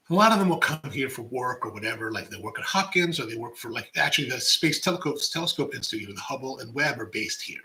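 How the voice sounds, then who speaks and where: Chatty bright-voiced man. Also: medium pitch, poor audio. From Baltimore, USA. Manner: rambling and chatty, drops to whispers for jokes. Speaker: coffee livestream host reading chat. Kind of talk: casual chat.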